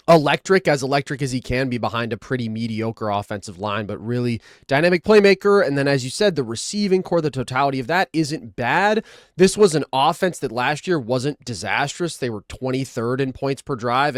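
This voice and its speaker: A man's voice: medium pitch, no room sound, studio quality. A young man hosting a casual sports podcast, joking around and laughing often between football takes. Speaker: podcast host.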